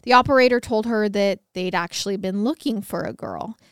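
A woman's voice: mid-range voice, brisk, clear, resonant tone, no room sound, clean studio sound. A woman co-hosting a podcast, narrating a true-crime case in a conversational way with wry asides. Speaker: podcast co-host.

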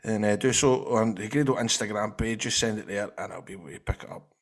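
A Scottish man co-hosting a casual football podcast, excitable and joking. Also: lowish voice, fast talker. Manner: excitable, laughs and shouts a lot. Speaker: podcast co-host.

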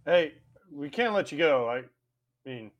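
A man's voice: on the high side, lively intonation, measured pace, highs cut off. A man co-hosting a podcast, joking around and ribbing the guest. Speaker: podcast co-host. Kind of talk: casual chat.

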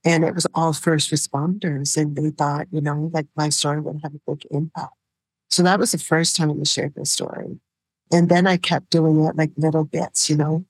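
A middle-aged woman telling her personal story in an interview, soft-spoken and halting, with many fillers. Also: deep voice, level tone, no room sound, low-quality recording. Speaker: guest, survivor sharing her story.

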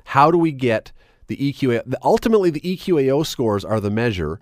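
A man's voice: mid-range voice, big pitch swings, fast talker, dry recording, studio quality. A man hosting a radio talk show, chatting wryly and reading items aloud with sarcastic asides. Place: radio studio. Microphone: studio microphone.

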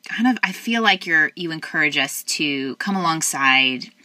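Low-voiced, heartfelt woman host. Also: lively intonation, moderate pace, pushed and bright, no room sound. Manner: affirming, heartfelt. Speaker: podcast host. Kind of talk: casual interview chat.

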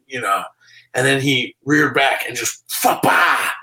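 A man, a comedian guest, telling animated stories on a video call from his room, full of "you know" and "like". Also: medium pitch, a little slow, poor audio. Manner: animated, filler-heavy storytelling. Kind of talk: casual storytelling on a video call. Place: home room.

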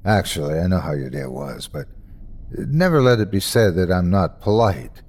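A hushed, deep voice of an unseen presence in a horror story, speaking through a screen, as a man puts it on. It stays polite and calm yet quietly menacing, as if it knows everything. The tone rises and falls with plenty of life. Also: normal speed. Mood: ominous calm. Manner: calm, knowing, softly menacing.

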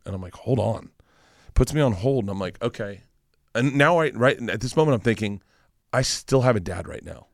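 A middle-aged man, a comedian guest, telling stories in an animated, profane way and acting out the voices, wired on too much coffee. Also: lowish voice, no room sound, studio quality. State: over-caffeinated, rattling on. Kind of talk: casual storytelling chat.

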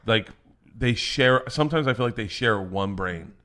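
A man, a comedian, telling family stories on a podcast in a loud, profane way, laughing as he goes. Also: lowish voice, expressive, moderate pace. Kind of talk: casual storytelling.

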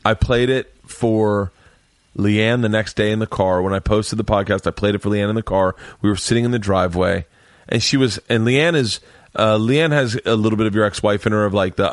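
A man's voice: fairly low pitch, brisk, no echo, studio quality. A man hosting a podcast from his home man cave, rambling through stories with plenty of swearing. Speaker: podcast host. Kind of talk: casual chat.

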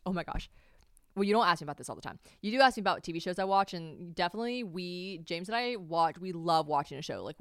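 Young woman podcast host rambling and swearing, smooth lowish voice. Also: no echo, studio quality. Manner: chatty, animated, swears casually. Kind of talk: casual chat.

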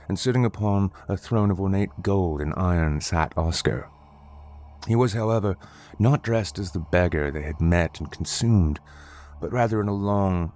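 A man narrating a scripted horror story in a measured, dramatic storytelling manner. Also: sits low, darkish tone.

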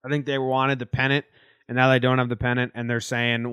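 A man's voice: medium pitch, level tone, fairly quick, a bit bright, clear, resonant tone, dry recording. A man with a mid-range voice, co-hosting a casual sports podcast. He talks offhandedly and loosely, dropping curse words along the way. The recording is dry and close. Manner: offhand, casual, swears freely. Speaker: podcast co-host.

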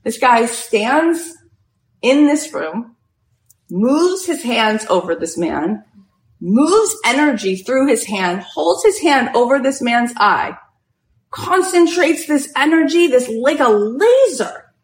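A woman spiritual coach giving an inspirational storytelling talk, animated and full of "like" fillers. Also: high-pitched, takes it slowly. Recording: roomy echo.

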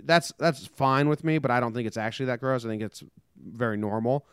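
A man's voice: medium pitch, brisk, a bit bright, clear, resonant tone, dry recording, studio quality. A young man co-hosting a casual podcast, telling stories in a joking way and acting out the people in them. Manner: jokey storyteller, acts out quoted people. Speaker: podcast co-host. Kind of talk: casual chat.

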